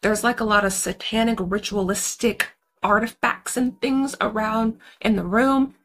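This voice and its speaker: A woman's voice: fairly high pitch, steady tone, unhurried, a bit bright. A woman hosting a horror movie recap, talking in a chatty, slangy, casual way straight to her viewers.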